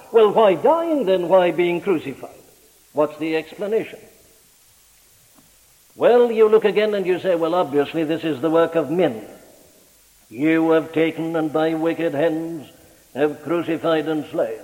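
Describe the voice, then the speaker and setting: A man's voice: animated, unhurried, dark tone. Man preaching dramatically in an echoing hall. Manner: dramatic, rhetorical preaching with wide swings in pitch and volume. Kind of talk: sermon.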